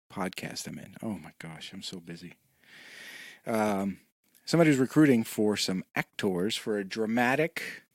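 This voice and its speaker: A man's voice: lowish voice, no echo, studio quality. A man in his thirties from New England hosting a casual solo podcast from a room at home, rambling and chatty with self-deprecating asides. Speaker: podcast host.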